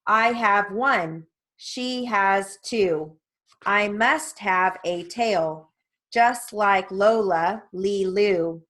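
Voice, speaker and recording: A woman reading the lines of a jealous young girl bird in slow, even dictation. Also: medium pitch. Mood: pleading.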